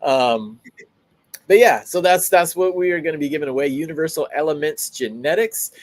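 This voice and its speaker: A man's voice: on the high side, normal speed, no echo. A man hosting a show, casually chatting and telling rambling stories in a laid-back way. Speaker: host. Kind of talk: casual chat.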